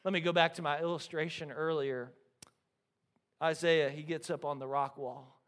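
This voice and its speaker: A man in his thirties, a pastor preaching a sermon, telling stories with lively energy and often checking in with the congregation. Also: fairly high pitch, moderate pace. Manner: animated storytelling, frequent "right?" to the congregation.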